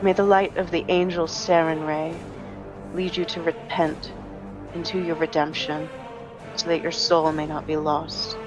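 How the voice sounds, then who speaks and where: A woman's voice: sits low, level tone, unhurried, over music. A woman voicing a young female holy warrior in a tabletop game, speaking in a snide, condescending tone. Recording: dull lo-fi mic.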